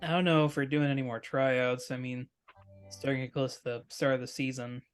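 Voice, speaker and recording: An awkward teenage boy superhero who stammers and hedges, with a dry, wry edge, as a man plays him at a tabletop game. His voice sits at an ordinary middle pitch. Faint music runs in the background. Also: flat delivery, fairly quick, clear, resonant tone, close to an everyday voice. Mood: wary. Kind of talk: tabletop role-play.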